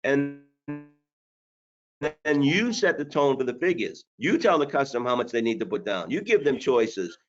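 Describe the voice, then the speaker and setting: A man's voice: mid-range voice, animated, normal speed, highs cut off, soft background music. A man coaching sales managers on a webinar, blunt and hard-driving, with jokes along the way. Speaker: sales trainer.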